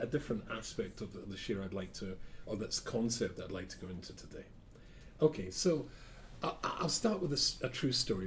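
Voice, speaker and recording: A man's voice: fairly low pitch, a little hiss or hum. A man giving an informal Torah class as a rabbi, a rambling storyteller who keeps correcting himself and drops dry asides.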